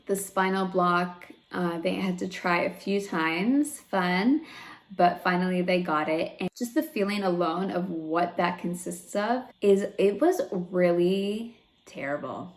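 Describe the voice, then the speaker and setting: A young woman tells her own story to the camera in a loose, chatty vlog, leaning on plenty of ums and likes. Her voice sits a little low for a woman, and she sounds close to tears at moments. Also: slow. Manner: chatty and candid, full of fillers, emotional. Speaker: vlogger.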